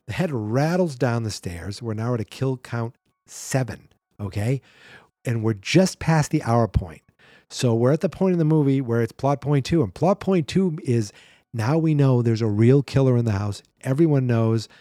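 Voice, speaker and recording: A man hosts a solo podcast, recapping a horror movie in a loose, sarcastic, exasperated way. His voice sits mid-pitch with a dark, mellow tone. The recording is dry and close, with no room sound. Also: expressive, dry recording. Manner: sarcastic, exasperated running commentary with quick mimicry of characters. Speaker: podcast host.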